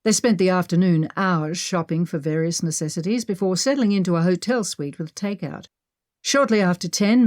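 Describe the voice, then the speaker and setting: A woman narrating an adventure audiobook in a steady, measured manner. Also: on the low side, no echo, clean studio sound.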